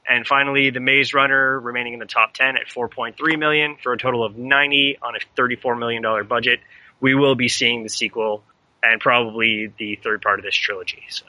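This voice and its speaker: A man co-hosting a casual podcast, reading weekend box office figures in a relaxed, offhand way. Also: medium pitch, brisk, low-quality recording. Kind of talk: casual chat.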